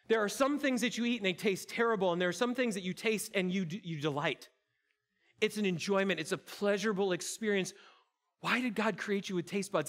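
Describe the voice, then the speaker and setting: A man's voice: high voice, fairly bright tone. A man preaching a sermon as campus pastor, playful and chatty, talking straight to the congregation in a church auditorium. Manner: playful, interactive, addresses congregation directly.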